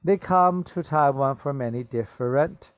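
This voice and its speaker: A man's voice: medium pitch, unhurried, no room sound. A man teaching an English vocabulary lesson, patiently repeating words and checking in with "okay?".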